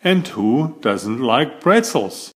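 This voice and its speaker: A man's voice: medium pitch, sing-song, takes it slowly, a bit bright. A man voicing a teasing schoolboy, jeering and then sulky, in a storybook reading. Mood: tempted.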